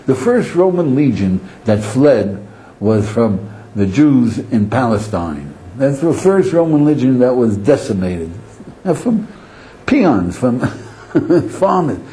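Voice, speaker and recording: A man's voice: mid-range voice, dark tone, slight background noise, low-quality recording. A man giving a rabbi's lecture, telling stories with animation, acting out inner voices and chuckling often. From Israel. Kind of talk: Torah lecture to an audience.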